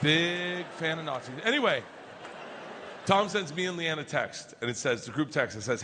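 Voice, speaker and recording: A middle-aged man doing stand-up, telling a story in a loud, crude, animated way with bursts of shouting, live on stage with a handheld mic. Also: fairly high pitch, normal speed. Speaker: stand-up comedian. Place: comedy stage before an audience. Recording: live stage recording with background noise.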